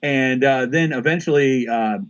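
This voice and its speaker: A man co-hosting a podcast tells a story in a relaxed, wry way. His voice is mid-pitched and easygoing. He fills his sentences with plenty of uh and you know. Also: measured pace, clean tone. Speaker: podcast co-host. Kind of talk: casual storytelling chat.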